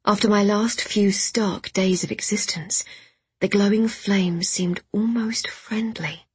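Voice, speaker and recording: Breathy, hushed woman narrating. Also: mid-range voice, steady tone, slow pace, no echo. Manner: soft, hushed, often half-whispered reading. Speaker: audiobook narrator. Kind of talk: first-person scripted narration.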